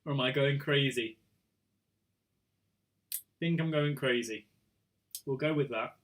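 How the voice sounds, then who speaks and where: A man's voice: mid-range voice, slow pace, a bit bright. A man hosting an online quiz night casually, reading out questions and answers and joking about tripping over his words. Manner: chatty, self-mocking, trips over words. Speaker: quiz host.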